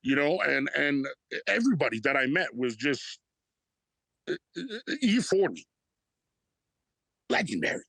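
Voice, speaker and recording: A middle-aged man telling stories as an interview guest, rambling and excited with loose swearing. His voice is bright and forceful, pitched a touch above the usual, and sounds dry and close to the mic. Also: a little slow, creaky, long pauses, dry recording, poor audio. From Canada. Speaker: rapper guest. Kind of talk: casual interview storytelling.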